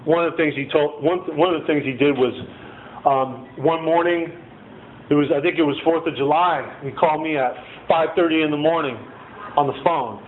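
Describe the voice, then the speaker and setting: A man's voice: fairly high pitch, fairly even intonation, moderate pace. A man telling his personal recovery story in a casual, rambling way, often adding "man" and "you know". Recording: tinny phone-like lo-fi audio with faint noise.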